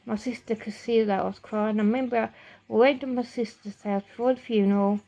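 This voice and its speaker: Middle-aged woman, fairly high voice, emotional rambling storytelling, dull lo-fi sound. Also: fairly even intonation, brisk, warm tone. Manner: emotional, rambling, swears, frequent restarts. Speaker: vlogger. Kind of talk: personal storytelling to camera.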